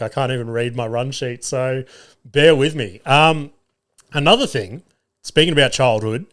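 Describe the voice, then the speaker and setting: A man, hosting a solo podcast and telling sweary, animated stories about family life. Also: fairly high pitch. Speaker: podcast host.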